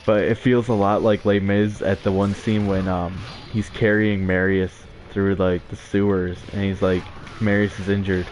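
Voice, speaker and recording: A man's voice: fairly low pitch, little pitch movement, moderate pace, hardly any pauses, darkish tone, slight background noise. A young man giving casual, rambling commentary over his gameplay, with frequent filler words and chuckles. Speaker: let's play gamer.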